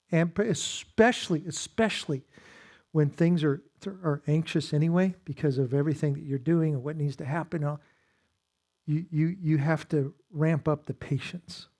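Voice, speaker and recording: A man with a slightly high voice leads a marriage seminar at a church. He teaches in an easygoing, conversational way. He pokes fun at himself and acts out little exchanges as he goes. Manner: conversational, with self-deprecating humor and acted-out quotes. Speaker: pastor leading a marriage seminar.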